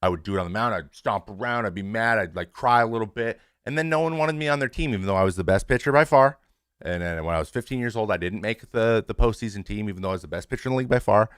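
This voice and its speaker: A man in his thirties, a former pitcher hosting his show, speaking frankly and casually to his stream audience, with swearing and many restarts. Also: quick pace, clean tone, dry recording, studio quality.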